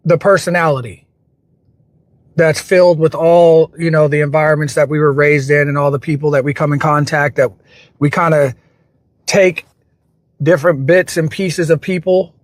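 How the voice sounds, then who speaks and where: A man's voice: a little high, fairly even intonation, normal speed, no echo. A man with a slightly raised voice hosts a livestream and gives a reflective, motivational talk. He speaks earnestly and often loops back to repeat his phrases, and the sound is close and dry. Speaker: livestream host.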